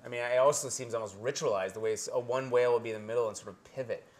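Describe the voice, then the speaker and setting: A man's voice: mid-range voice, rapid-fire. Earnest man giving a live talk. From Canada. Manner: earnest, searching, full of restarts. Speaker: speaker giving a presentation.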